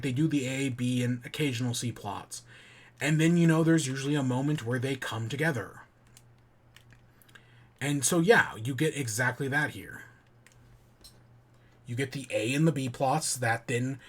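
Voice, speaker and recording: A man's voice: mid-range voice, husky. A man hosting a podcast in casual chat, rambling with restarts and casual swearing. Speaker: podcast host.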